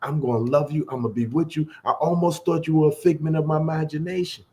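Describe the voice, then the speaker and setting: A man co-hosting, telling a personal story in an earnest, slow and heartfelt way. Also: a little high, fairly even intonation, a little mellow.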